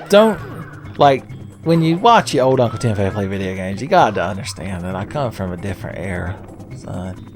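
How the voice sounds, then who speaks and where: A man's voice: medium pitch, expressive, moderate pace, a little mellow, faint music behind. Sarcastic, foul-mouthed gaming man. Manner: sarcastic, profane, rambling jokey asides. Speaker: gaming video host. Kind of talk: casual let's-play commentary.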